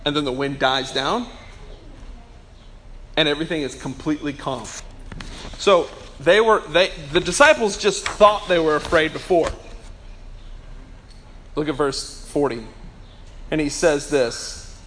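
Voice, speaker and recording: Guy preaching sunday sermon, kinda high voice, super casual and animated, does little voices. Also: normal speed, pauses often, a little hiss or hum. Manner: animated storytelling, acts out voices of Jesus and fish; casual, conversational with restarts. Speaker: pastor.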